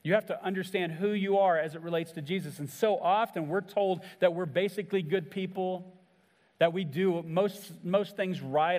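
A man's voice: normal speed, a little mellow, big-room sound. A man preaching a sermon as a pastor, earnest, acting out quoted lines with rises and drops in voice. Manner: earnest preaching, acts out quoted lines with shifts in pitch and volume.

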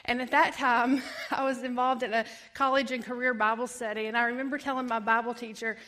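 A woman, telling her personal testimony in an animated way, acting out voices and laughing often. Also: on the high side, fairly quick. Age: 30s. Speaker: ministry founder giving testimony.

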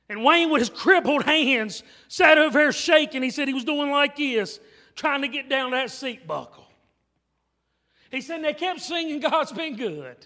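A revival sermon with an altar call rings through a church sanctuary as a preacher repeats himself emphatically in a very high, bright, forceful voice. The hall's reverb is long, and gentle music sits faintly beneath.

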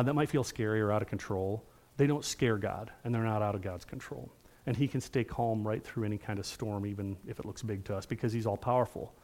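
A middle-aged male pastor preaching a sermon in an earnest, conversational way, often checking in with the room. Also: medium pitch.

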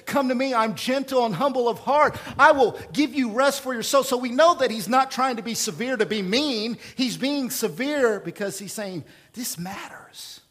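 A man preaching a sermon in a conversational, emphatic way, with rhetorical questions and swings between loud bursts and quiet asides. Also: sits high. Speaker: pastor.

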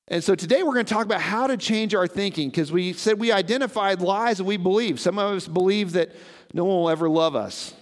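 High-voiced pastor preaching in a reverberant hall. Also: male voice. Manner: conversational, asks the congregation questions. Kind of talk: sermon. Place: church sanctuary.

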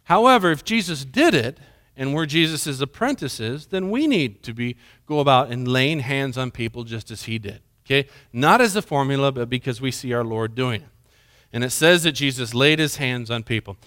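A man's voice: mid-range voice, lively intonation, moderate pace, a bit bright. A male pastor preaching a sermon in church, earnest and conversational, asking the congregation questions. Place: church sanctuary.

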